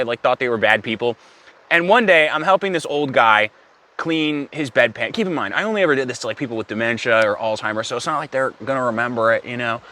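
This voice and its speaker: A young man telling a comedic story in a rambling, deadpan way, with self-aware asides. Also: fairly high pitch.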